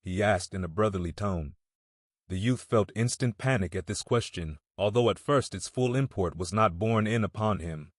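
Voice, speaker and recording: A male narrator reads a classic novel aloud in a measured, steady manner. His voice sits low, and the sound is dry and close, with no room around it. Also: dry recording. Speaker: audiobook narrator. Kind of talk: audiobook reading of a classic novel.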